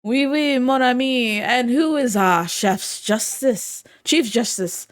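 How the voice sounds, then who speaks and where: A woman voicing a theatrical, haughty water goddess in a put-on French accent, with drawn-out, showy delivery. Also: on the high side, no echo, studio quality.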